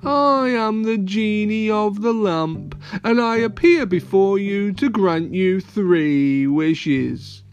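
A man's voice: high voice, lively intonation, a little slow, few pauses, darkish tone, muffled recording, soft background music. A man voicing a gloomy, miserable genie of the lamp, speaking glumly. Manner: glum and weary.

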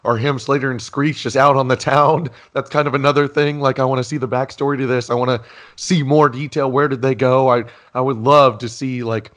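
A man co-hosting a podcast, chatting casually and praising an old sitcom scene in a relaxed way. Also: mid-range voice, brisk. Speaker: podcast co-host.

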